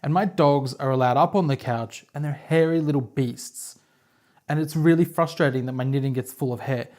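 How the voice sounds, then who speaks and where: A woman's voice: extremely low pitch, normal speed, darkish tone. An Australian woman hosting a knitting podcast, talking to camera in a chatty, rambling, self-deprecating way from home. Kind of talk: casual chat to camera. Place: home, on her couch.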